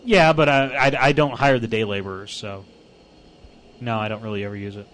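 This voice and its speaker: A man's voice: lowish voice, fairly even intonation, fairly quick, a bit bright. A man hosting a gaming session with friends, making dry, bemused remarks. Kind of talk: casual gaming banter.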